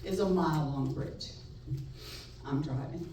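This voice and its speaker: A middle-aged woman telling a personal story live on stage, wry and animated, laughing between lines. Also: on the low side, measured pace. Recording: echoey room, far mic, faint noise.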